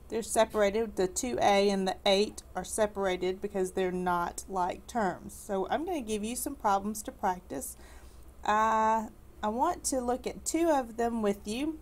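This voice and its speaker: Patient woman math teacher explaining. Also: mid-range voice. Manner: patient, explanatory, slows down to stress key words; light corny humor for students. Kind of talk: recorded classroom math lesson.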